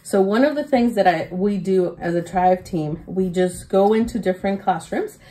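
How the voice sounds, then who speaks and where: A young adult woman, a teacher, telling stories as a podcast guest in an excited way, with many fillers and laughs. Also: mid-range voice, normal speed, poor audio. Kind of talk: casual interview storytelling.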